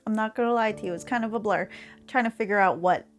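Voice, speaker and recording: A woman's voice: medium pitch, fast, soft background music. A woman in her thirties from Canada, talking casually and candidly in a vlog, often laughing between phrases. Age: 30s. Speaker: streamer and vlogger.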